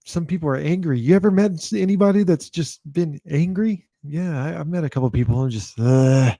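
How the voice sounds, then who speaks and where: Mellow-voiced man riffing casually. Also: fairly high pitch, brisk, vocal fry, no echo, studio quality. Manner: loose, profane, repeats himself. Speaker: host. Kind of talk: casual talk to camera.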